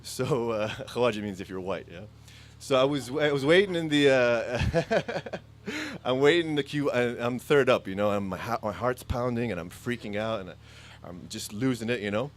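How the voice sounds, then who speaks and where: Male stand-up comic, mid-pitched voice, rambling self-deprecating stories broken up by quick put-on voices. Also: lively intonation. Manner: rambling, self-mocking storytelling with jumpy voiced impressions. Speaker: stand-up comedian. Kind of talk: stand-up comedy set. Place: stage before a live audience.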